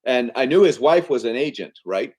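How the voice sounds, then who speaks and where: A man in an interview, casually telling a business story in an animated, conversational way, often checking in with "okay?" and "right?". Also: mid-range voice, normal speed. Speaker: podcast guest, entrepreneur.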